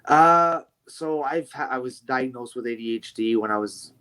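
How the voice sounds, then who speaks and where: Animated storytelling man wrestler. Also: mid-range voice, normal speed, clear, resonant tone. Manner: animated storyteller, swears lightly. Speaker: podcast guest, wrestler. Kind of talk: casual chat.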